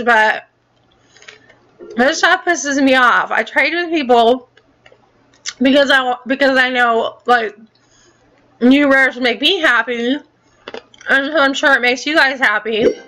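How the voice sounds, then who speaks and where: Heated, bright-voiced woman ranting. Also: high-pitched. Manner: heated, swearing, repeats herself. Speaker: gaming channel host. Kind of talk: angry ranting vlog.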